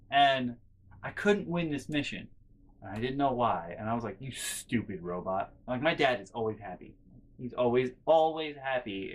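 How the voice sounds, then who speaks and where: Young man, casual storytelling, rambling, restarts a lot, mid-pitched voice, mutters asides. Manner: rambling, self-interrupting with fillers and restarts; drops to quiet muttered asides. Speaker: vlogger.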